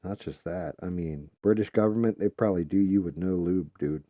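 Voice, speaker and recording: A man's voice: deep voice, brisk, dark tone, no room sound. A man hosting a live stream, talking bluntly and profanely in casual chat. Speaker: live show host.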